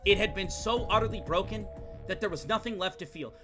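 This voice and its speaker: A young male streamer reading game text aloud in a hushed low voice and breaking off into profane rants at his chat. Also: a little fast, over music.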